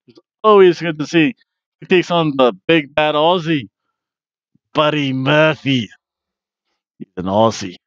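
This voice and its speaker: A man's voice: a little high, expressive, a little slow, pauses often, dry recording, muffled recording. Chatty, jokey man reviewing wrestling. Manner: chatty and jokey, with frequent ums. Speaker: wrestling review podcast host. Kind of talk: casual review chat.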